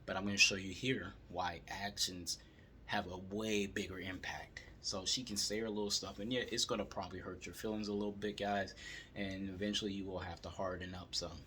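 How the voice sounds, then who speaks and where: A man calmly telling a story as he gives dating advice to male viewers. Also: deep voice, fairly quick, slight background noise. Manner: calm, steady storytelling.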